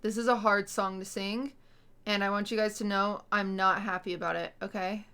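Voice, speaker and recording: A woman's voice: medium pitch, fairly even intonation, normal speed, a bit bright, clear, resonant tone, faint music behind. A woman livestreamer chatting with her audience from home at night, blunt and exasperated, swearing freely. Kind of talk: casual chat to a stream audience. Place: home at night, roommates nearby.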